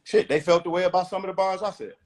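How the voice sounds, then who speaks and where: Man, rapper guest, casual interview, blunt, emphatic, profane, high voice. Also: steady tone, fast.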